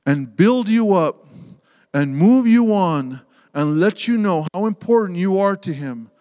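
Male preacher, high voice, impassioned sermon delivery, echoing sanctuary. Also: expressive, measured pace. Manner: impassioned, swings from loud emphasis to hushed tenderness. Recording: long hall reverb.

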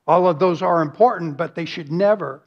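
A man's voice: fairly high pitch, moderate pace. Earnest man preaching, lo-fi recording. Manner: earnest, emphatic with rhetorical questions and lists. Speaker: pastor. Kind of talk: sermon.

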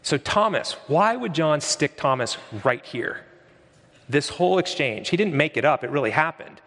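A man's voice: a little high, lively intonation, moderate pace, a bit bright, long reverb tail. A man preaching a sermon as pastor, conversational and emphatic, in a church sanctuary.

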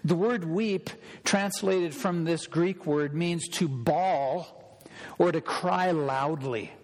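A man preaching a sermon in a lively, conversational way, asking the audience questions and explaining scripture. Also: fairly high pitch, takes it slowly, long reverb tail. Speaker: pastor.

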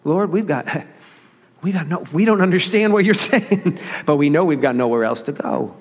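A man's voice: on the high side, animated, moderate pace, big-room sound. A man preaching a sermon as pastor, earnest and conversational, with emphasis that rises and falls.

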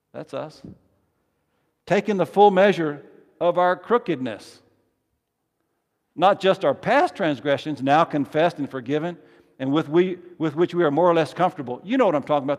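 A man preaching a sermon as pastor, emphatic and swinging from soft to loud, leading his congregation in call-and-response. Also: a little high. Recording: long reverb of a large hall.

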